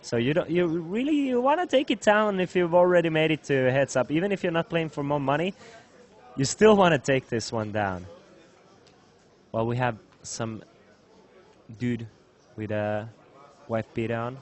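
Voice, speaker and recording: A man's voice: fairly high pitch, moderate pace. A man doing live poker tournament commentary, friendly and prompting his co-host with questions.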